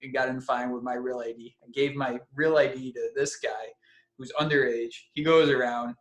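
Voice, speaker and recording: A young man in his twenties telling a story in casual chat on a podcast, animated and laughing often. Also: medium pitch, normal speed. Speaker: podcast co-host.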